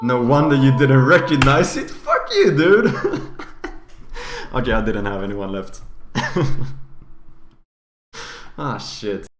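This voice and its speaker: A man's voice: mid-range voice, slow, pauses often, over music. A man livestreaming himself playing games, chatting casually, swearing often and laughing at himself. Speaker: streamer. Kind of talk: live gameplay commentary.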